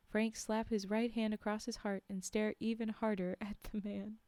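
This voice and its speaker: A woman reading a story aloud on a livestream in a relaxed, chatty way, with asides to her listeners. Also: mid-range voice, moderate pace, few pauses, clean tone, dry recording.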